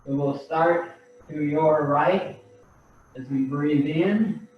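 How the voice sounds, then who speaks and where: Slow, calm man in an echoey studio. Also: a little high, slight background noise. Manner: slow, calm cueing of breaths. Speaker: qigong instructor. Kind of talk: guided movement and breathing instruction. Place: practice studio room. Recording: very echoey, distant, dull room sound.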